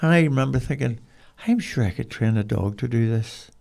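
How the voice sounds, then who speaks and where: An older man with a Northern Irish accent, telling rambling, animated stories as an interview guest. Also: mid-range voice, fairly quick, gravelly. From Northern Ireland. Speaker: guest, dog trainer. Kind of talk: casual storytelling.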